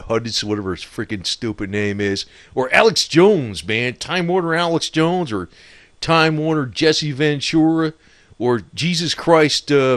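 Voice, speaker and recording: A man's voice: medium pitch, a bit bright, dry recording. Man, casual rant, profane, laughing, dry room. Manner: profane, laughing, loose and scornful. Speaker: political commentator. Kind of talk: rambling casual monologue.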